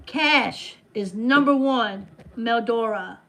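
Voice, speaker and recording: A woman's voice: on the high side, slow, bright, forceful tone. A woman hosting a casual trivia game with friends. She reads out questions and answers in a playful, teasing way. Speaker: game host.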